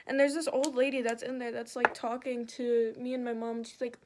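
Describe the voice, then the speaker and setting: A young woman chatting casually while doing her makeup, telling a story with lots of swearing and animated retelling. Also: on the high side, fairly quick, slight background noise.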